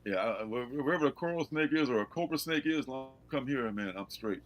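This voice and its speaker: A man hosting a casual comics livestream, animated and laughing, reading blurbs aloud. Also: mid-range voice, fairly quick. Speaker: host.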